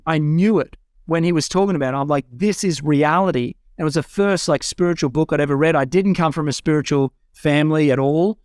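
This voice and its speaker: A man's voice: a little high, fairly quick, dry recording, clean studio sound. A man, a guest telling his life story in a frank, earnest way. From Australia. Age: 40s. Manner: earnest, frank storytelling that lifts into excited self-quotes. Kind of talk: personal life story told in conversation. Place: home room with a bookshelf.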